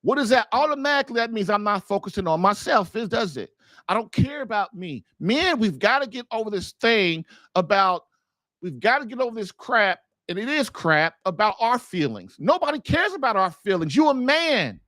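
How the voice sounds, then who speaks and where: This man, a marriage coach running an advice podcast, delivers an informal, emphatic monologue packed with rhetorical questions. He speaks at normal speed in a high, bright, sing-song voice with a forceful edge, and there's no echo.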